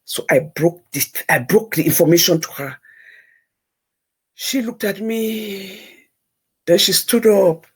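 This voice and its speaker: A woman's voice: medium pitch, animated, takes it slowly, long pauses, breathy edge. A woman telling a personal story on a talk show, emphatic and repeating words for effect.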